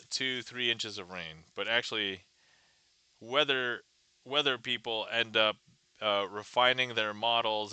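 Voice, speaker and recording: Bright, crisp-voiced man chatting on stream. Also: fairly low pitch, no room sound. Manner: chatty, greets viewers and reads chat aloud. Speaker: livestream magician. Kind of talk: casual livestream chat.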